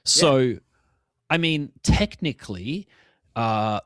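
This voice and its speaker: A man co-hosting a podcast in relaxed, frank conversation, telling stories with lively delivery. His medium voice is recorded dry and close to the mic. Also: mid-range voice, slow, dry recording. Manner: frank, storytelling, acts out voices. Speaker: podcast co-host. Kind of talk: casual chat.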